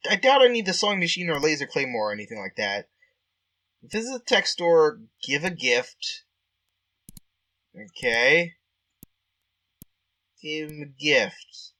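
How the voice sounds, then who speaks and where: Animated, bright-voiced man playing a game. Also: on the high side. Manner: chatty, easily amused, thinks aloud. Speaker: game player. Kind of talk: let's-play commentary and reading game text.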